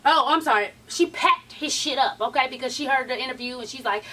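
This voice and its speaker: Sassy high-voiced woman dishing gossip. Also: brisk, sharp tone, far from the mic. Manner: sassy, profane, quizzes her viewers directly. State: tired, late at night. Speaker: vlogger recapping a reality show. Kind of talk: casual gossipy recap commentary.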